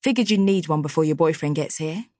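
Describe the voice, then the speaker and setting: A woman narrator voicing a dry, catty young male best friend in an audiobook, in a low, wry tone. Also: fast, a little mellow, no echo. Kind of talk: audiobook character voice.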